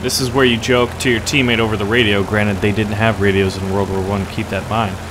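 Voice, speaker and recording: A man's voice: lowish voice, level tone, brisk, background noise. A man hosting a gaming channel, giving upbeat, joking commentary on a flight game.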